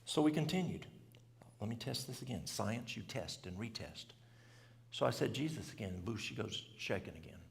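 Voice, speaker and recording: A man's voice: on the low side, animated, normal speed, gravelly, big-room sound. A man, telling a story in a folksy, country way at a church event and asking the audience questions. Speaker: health speaker. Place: church hall.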